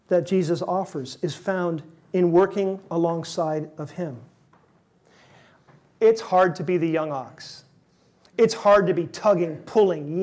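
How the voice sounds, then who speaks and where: A man's voice: high voice, darkish tone. A male pastor preaching a sermon, acting out both sides of a back-and-forth with an imagined listener. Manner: acts out a doubting listener in a raised, pleading voice; dialogue between himself and an imagined listener.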